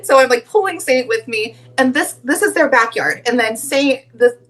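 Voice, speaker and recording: A woman with a slightly high voice tells a story with plenty of swearing. Her delivery is animated and rambling, the talk of a casual podcast chat. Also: moderate pace. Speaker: co-host panelist.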